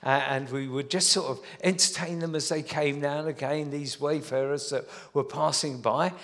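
An older man in his seventies preaches with a slightly higher-than-usual voice, telling stories in a conversational way that often restarts its sentences. His voice carries a long reverb from the church hall. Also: steady tone, moderate pace. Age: 70s. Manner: storytelling, warm and conversational with frequent restarts. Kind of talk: sermon.

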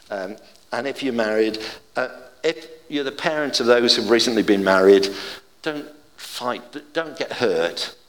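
An older man giving an informal, chatty sermon with gentle humour and family anecdotes. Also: medium pitch, long reverb tail.

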